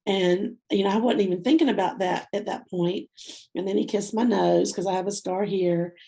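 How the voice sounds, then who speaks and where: A woman's voice: mid-range voice, steady tone, normal speed, creaky, warm tone. A woman in her fifties, a guest on a talk show, telling a personal story with heartfelt emotion, teary at times, with many fillers. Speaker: guest speaker.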